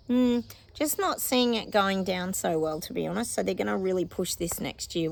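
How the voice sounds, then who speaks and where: A woman's voice: on the low side, gravelly, a little mellow. A woman with an Australian accent, a psychic chatting casually to her viewers in a meandering way, laughing often and drawing words out. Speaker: psychic giving predictions. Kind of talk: casual rambling monologue to viewers.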